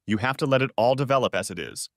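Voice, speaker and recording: A man narrating an audiobook, voicing a manipulative male lover in a low, curt voice. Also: expressive, fast talker, no room sound, studio quality, lightly acted. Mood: scheming.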